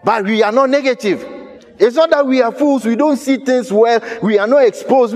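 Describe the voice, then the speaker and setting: Ghanaian male pastor, high pitch, emphatic repetitive sermon, faint music under. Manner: emphatic, repetitive preaching with rhetorical questions.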